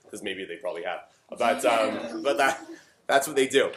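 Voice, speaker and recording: A man's voice: medium pitch, brisk, a little hiss or hum. A middle-aged man from Canada, a rabbi giving an informal Torah talk, chatting with many fillers and joking asides. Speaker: rabbi teaching a class. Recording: roomy echo.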